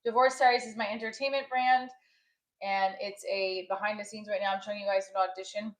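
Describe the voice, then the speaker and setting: A woman's voice: mid-range voice, fairly even intonation, brisk, low-quality recording. A woman, a comedian and actress, chatting on a live stream, thanking viewers and rambling about her shows.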